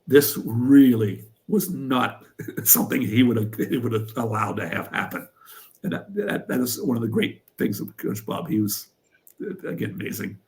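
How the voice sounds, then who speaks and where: An older man from Pennsylvania, a former wrestler and coach, telling stories in an interview with lively energy. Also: mid-range voice, moderate pace. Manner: animated storyteller who acts out what others said. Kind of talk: storytelling in an interview.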